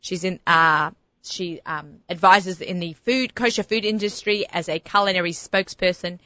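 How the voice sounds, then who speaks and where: Aussie lady hosting a radio chat, bright sharp voice, dry slightly muffled sound. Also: on the low side, fairly even intonation, no echo. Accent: Australian. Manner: chatty and enthusiastic, quick laughs. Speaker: radio show host. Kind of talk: casual radio interview. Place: radio studio.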